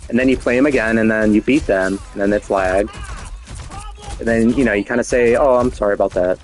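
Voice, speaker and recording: A man's voice: on the low side, steady tone, fairly quick, faint music behind. A man talking casually in a boastful, rambling way, chuckling now and then as he goes. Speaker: show host. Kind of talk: casual monologue.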